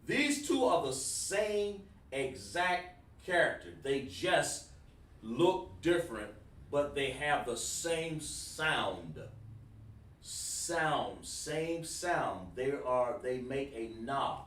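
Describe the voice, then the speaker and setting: A man's voice: mid-range voice, big pitch swings, drawn-out words, fairly bright tone, slight background noise. Male teacher, informal, repeats himself; echoey room, mic at a distance. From South Carolina, USA. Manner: informal, repeats words, talks to students by name. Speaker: Hebrew class teacher. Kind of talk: online class lesson.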